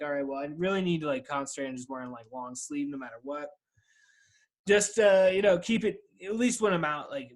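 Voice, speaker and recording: A man in his thirties hosting a solo podcast while stoned, rambling in a loose, profane way, laughing and talking back to himself over a video call. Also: mid-range voice. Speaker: podcast host.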